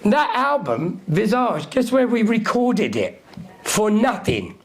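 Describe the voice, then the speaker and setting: Cocky bloke in his 60s, high-ish gravelly voice, swears loads, does everyone's lines. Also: sing-song, takes it slowly. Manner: profane, brash, acts out quotes of other people. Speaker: interview guest, music figure. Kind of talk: live Q&A storytelling.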